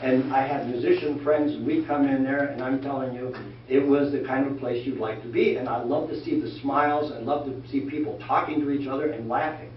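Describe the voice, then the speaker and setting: An older man telling folksy, animated stories about his working life to a church class, acting out the voices of the people he quotes. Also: medium pitch, brisk. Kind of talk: anecdotal storytelling talk. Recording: echoey room from far off, dull lo-fi sound, faint noise.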